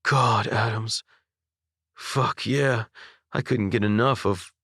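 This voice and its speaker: A man voicing a tipsy young male hockey player who talks low and breathy. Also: steady tone, slow pace, fairly bright tone, no echo, studio quality, exaggerated voice. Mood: pleading.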